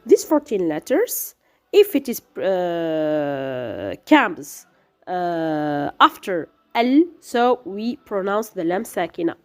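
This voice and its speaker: Slow, lively-voiced woman teaching letter sounds. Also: lowish voice. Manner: hesitant, many fillers and restarts, sounding out letters. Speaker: tajweed teacher. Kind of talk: recorded lesson explaining letter pronunciation.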